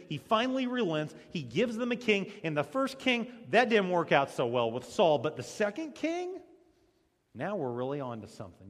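Dramatic preacher in a reverberant hall. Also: male voice, fairly high pitch. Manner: dramatic storytelling, swings between loud and hushed. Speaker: pastor. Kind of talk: sermon. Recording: long reverb of a large hall.

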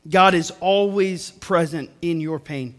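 A young male pastor preaches to a congregation in a church with a rather high voice. He speaks earnestly and comes back to the same phrases again and again to drive each point home. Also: a little slow, fairly bright tone. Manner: earnest, repeats phrases for emphasis, talks to the congregation. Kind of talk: sermon. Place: church service before a congregation.

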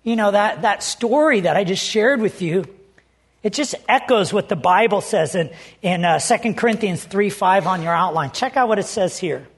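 A man's voice: high voice, lively intonation, moderate pace, husky. A man preaching a sermon as pastor, telling stories in an earnest, conversational way.

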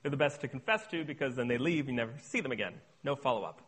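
Young male speaker, sermon testimony, earnest, alternates hushed and emphatic, mid-pitched voice. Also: animated, quick pace, slightly rough. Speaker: speaker on addiction recovery.

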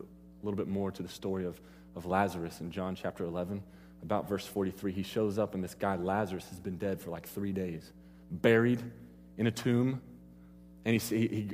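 A man giving a sermon to a live audience, rambling through personal stories and stopping often to restart and joke. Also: on the low side. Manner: rambling, self-interrupting, joking with the crowd. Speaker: preacher. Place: church hall with an audience. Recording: long hall reverb.

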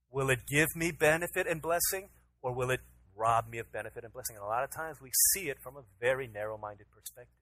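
A man in his thirties, a pastor, telling a lively family story in a sermon and acting out his side of it. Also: mid-range voice, rough recording. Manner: storytelling, acts out his own pleading voice to his toddler.

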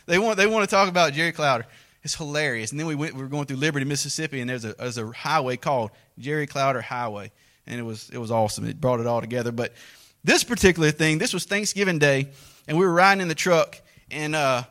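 A man, telling a folksy hunting story as a sermon illustration, shouting out the lively parts. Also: on the high side, fast talker. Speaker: preacher.

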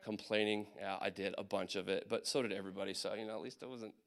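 A young man from Indiana telling a personal story of army service to a gathering, animated, with many fillers and acted asides. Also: on the low side, fast, vocal fry. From Indiana, USA. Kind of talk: personal testimony talk.

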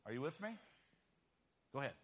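A man's voice: medium pitch, sing-song, fairly quick, fairly bright tone, slightly rough. A man preaching a sermon emphatically and often checking in with his listeners.

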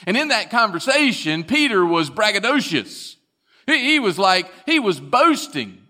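Bright-voiced preacher, slow and dramatic. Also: male voice, high-pitched, sing-song. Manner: dramatic storytelling, retelling scripture with swings from loud to hushed. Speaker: pastor. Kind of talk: sermon.

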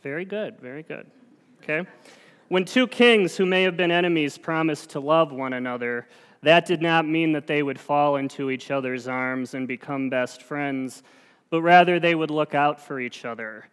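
A man's voice: on the high side, normal speed, a bit bright, clear, resonant tone. A man giving a sermon as a lay preacher, earnest and conversational, with a self-deprecating touch. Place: church sanctuary. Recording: long church reverb.

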